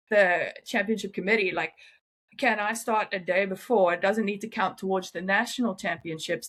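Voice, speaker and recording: A young woman telling stories as an interview guest, animated and often laughing. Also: mid-range voice. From South Africa. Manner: animated, laughing, quick asides. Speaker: guest, freediver. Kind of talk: casual interview storytelling.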